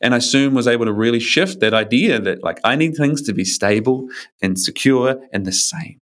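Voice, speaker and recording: A man's voice: mid-range voice, lively intonation, moderate pace, fairly bright tone. A man who coaches men, speaking in a casual interview with a rambling, loose manner, many fillers and casual swearing. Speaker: men's coach.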